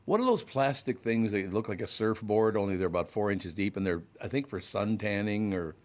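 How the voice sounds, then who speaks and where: A man's voice: lowish voice, animated, fairly quick, darkish tone. A man hosting a radio talk show, telling a rambling story in casual chat.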